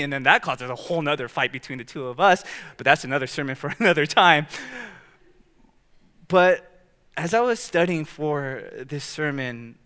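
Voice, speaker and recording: A young man preaching a sermon as pastor, telling stories in an animated way in a church. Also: a little high. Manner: animated storytelling, acting out quoted outbursts. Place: church sanctuary.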